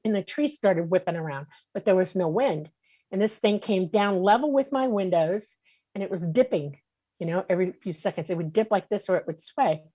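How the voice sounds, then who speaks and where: A woman's voice: mid-range voice, a little fast, warm tone, breathy edge, no room sound, muffled recording. A woman in her sixties, a guest vividly telling her own encounter story in casual interview talk.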